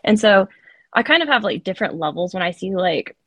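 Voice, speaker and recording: A woman's voice: mid-range voice, very animated, a little fast, fairly bright tone, husky, no echo. Chatty woman telling a story, dry mic. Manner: chatty, says "like" often. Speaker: podcast co-host. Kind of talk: casual storytelling.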